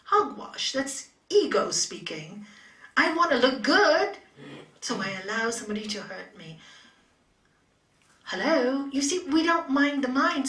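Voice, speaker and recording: Woman yoga teacher, storytelling talk, higher voice, mic at a distance. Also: fairly bright tone. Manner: storytelling, laughs often, drops to whispers. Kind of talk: spiritual talk to a class. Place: yoga studio. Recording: roomy studio from far off.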